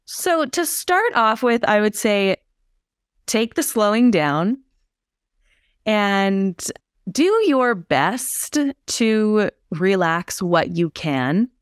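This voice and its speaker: A woman, a somatic therapist, explaining in a calm, unhurried and reflective way on a podcast. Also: medium pitch, clear, resonant tone, no room sound, clean studio sound.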